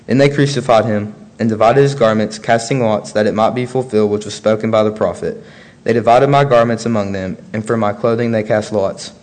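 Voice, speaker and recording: A man's voice: mid-range voice, darkish tone. Earnest man preaching and reading scripture.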